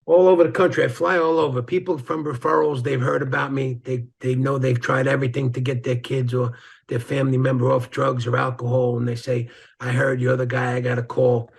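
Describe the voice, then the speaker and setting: A man's voice: medium pitch, level tone, brisk, gravelly, breathy edge. A man as an interview guest, telling blunt stories in casual talk and acting out quoted lines. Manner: blunt storyteller, acts out quotes.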